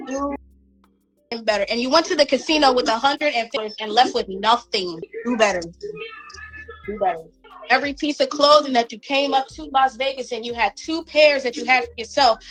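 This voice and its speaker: A woman's voice: fairly high pitch, fairly bright tone, low-quality recording. A woman from Northern Virginia giving casual gossip commentary, blunt and mocking, repeating phrases for emphasis. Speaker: commentary streamer.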